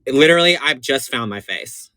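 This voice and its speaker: A man's voice: mid-range voice, lively intonation, a little fast, bright, forceful tone, a little hiss or hum. A man who performs in drag, giving a campy, chatty makeup tutorial on a livestream and calling his viewers honey and baby. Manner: gushing and repetitive.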